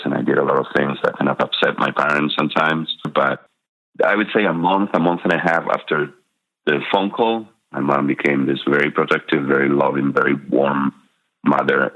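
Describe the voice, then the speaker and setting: Very deep and creaky, with a slightly bright quality, the voice belongs to a middle-aged Spanish-accented man from Spain. He's a guest telling frank personal stories, full of fillers and soft laughter, captured in dull lo-fi sound.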